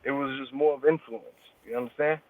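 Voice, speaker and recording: A man's voice: medium pitch, steady tone, fairly quick. A man as an interview guest, talking in casual street slang with heavy swearing. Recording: tinny phone-like line, dry.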